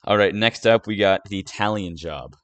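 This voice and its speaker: A man's voice: fairly low pitch, normal speed, no echo. A young man hosting his own movie review series, talking casually and hesitantly with lots of fillers and restarts.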